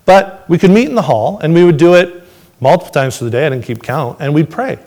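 A man telling his testimony to a congregation, swinging between excited storytelling and hushed, reflective moments. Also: a little high, fairly quick. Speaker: father sharing a testimony.

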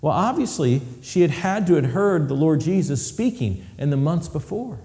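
A man preaching a sermon, telling a story that moves from hushed, low passages to rising, emphatic ones. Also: big pitch swings, normal speed. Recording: reverberant hall.

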